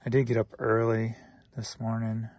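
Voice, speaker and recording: A man's voice: on the low side, completely flat delivery, moderate pace, darkish tone, no echo. A tired man rambling through a casual solo vlog about his sales, teasing himself and laughing to himself. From St. Louis, Missouri. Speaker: reseller vlogger.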